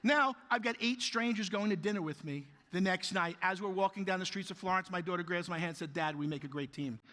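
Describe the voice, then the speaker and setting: A man giving an animated, jokey keynote speech to a conference audience, telling stories and questioning the crowd. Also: high voice, a little fast. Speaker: keynote speaker. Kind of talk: motivational keynote storytelling. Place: large conference hall. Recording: reverberant hall, live speech.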